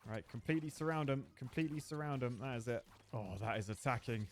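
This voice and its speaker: A young man giving chatty, excitable live commentary while he plays a strategy game, joking as he goes. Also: medium pitch, fast talker, a little hiss or hum. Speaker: gaming streamer. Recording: faint music behind the voice.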